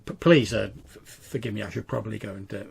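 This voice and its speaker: A man's voice: fairly low pitch, fast talker, gravelly, slight background noise. A man voicing a flustered young noblewoman who stammers and trips over her words. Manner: stammering, breathless.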